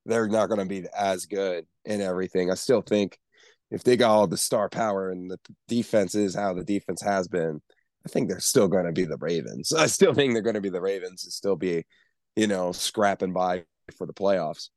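A man's voice: sits low, moderate pace, a little mellow, no room sound. A man co-hosting a casual sports podcast, rambling and stumbling over his words. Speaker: podcast co-host.

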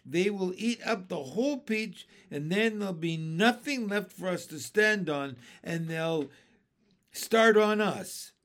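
A man voicing a frightened, fussy female spider in a storybook reading, shrill and panicky. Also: lively intonation, measured pace, few pauses. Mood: panicked.

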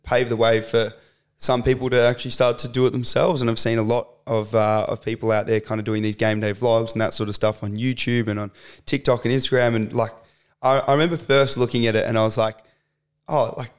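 A man's voice: mid-range voice, level tone, fast talker, smooth. A young man with an Australian accent, chatting casually as a podcast guest, full of fillers and slang. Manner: laid-back, lots of fillers and slang. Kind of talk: casual chat.

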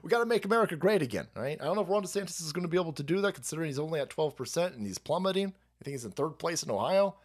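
Profane, lively ranting male streamer. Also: fairly high pitch, very fast, hardly any pauses. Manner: profane, rambling and mocking, often laughing. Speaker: political streamer. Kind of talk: ranting live-stream commentary.

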